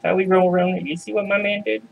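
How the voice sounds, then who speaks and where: A man voicing a cocky gang of billy goats who taunt in high-pitched, soft, gloating slang. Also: flat delivery, fast talker, vocal fry, phone-quality sound.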